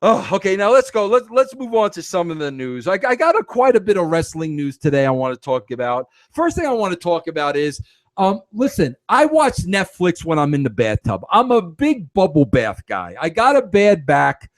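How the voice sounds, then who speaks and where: A middle-aged man hosting a podcast, telling a story in an animated, self-mocking way with stammering restarts. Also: high-pitched, normal speed, no echo. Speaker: podcast host. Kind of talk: casual storytelling monologue.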